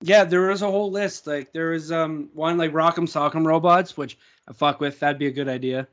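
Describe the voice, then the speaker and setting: A man's voice: on the high side, fairly even intonation, fairly quick, a bit bright, dull audio. A man co-hosting a casual chat show, laid-back, swearing a lot and laughing easily. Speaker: podcast co-host.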